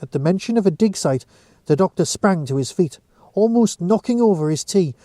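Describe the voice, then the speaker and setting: A man reads a short story aloud at a steady storytelling pace. His voice is high for a man and mellow in tone. The recording is dry and close. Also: moderate pace, no echo. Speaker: narrator.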